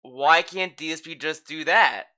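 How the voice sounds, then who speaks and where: A man's voice: on the high side, a little slow, bright, forceful tone. A man reacting to a stream clip, mocking and sarcastic, swearing freely as he comments.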